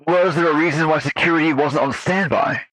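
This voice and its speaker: A man voicing a male agent who runs a post-incident interview with calm, procedural questions. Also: a little high, fairly quick, close to an everyday voice, low-quality recording. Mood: interrogating.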